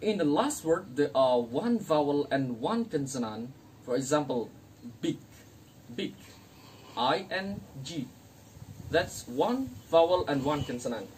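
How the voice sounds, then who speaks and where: Student teacher from Indonesia, young adult, very slow, repeats each example word, non-native grammar; recorded from a distance with faint background noise. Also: medium pitch, animated, darkish tone. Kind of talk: classroom grammar lesson.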